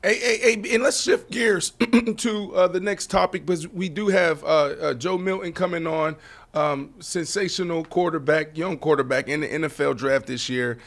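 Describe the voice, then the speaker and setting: Man, high voice, sports podcast host, casual talk, animated, swears freely. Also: normal speed. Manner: animated, swearing, laughing at trolls.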